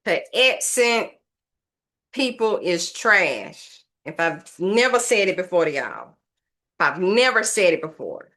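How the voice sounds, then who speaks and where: Woman doing a chill craft tutorial at home, bright voice, takes her time, rambles to viewers. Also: lowish voice, big pitch swings, slow. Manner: rambling, thinks aloud, chats to viewers. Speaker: craft vlogger. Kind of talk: casual tutorial chat.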